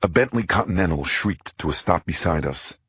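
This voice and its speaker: A man narrating a crime thriller audiobook in the first person, tense and measured. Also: sits low, animated, fairly bright tone, husky, no room sound, lo-fi sound.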